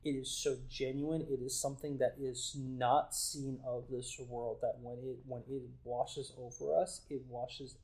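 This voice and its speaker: A man hosting a podcast, talking about faith in an earnest, halting way, with many restarts. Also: mid-range voice, little pitch movement, a little mellow, low-quality recording. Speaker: podcast host. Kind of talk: casual faith talk.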